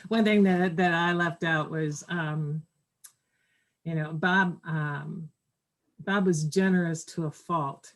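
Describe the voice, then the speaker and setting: Low-voiced woman hosting a memorial. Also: steady tone, poor audio. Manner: halting, with many fillers. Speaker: memorial host. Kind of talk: casual remembrance. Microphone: video call.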